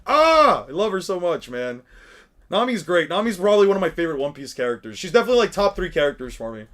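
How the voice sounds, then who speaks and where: A man giving casual, excitable commentary while reacting to an anime, laughing and swearing as he talks. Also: a little high, quick pace.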